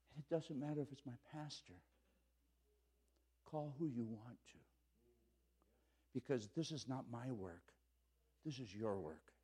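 In church, a middle-aged man delivers a sermon as pastor, narrating a story while his voice moves from loud exclaiming down to quiet earnestness.

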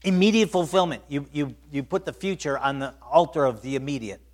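A male preacher giving a sermon, emphatic, repeating words and swinging from loud bursts to hushed tones. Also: fairly high pitch, fairly quick.

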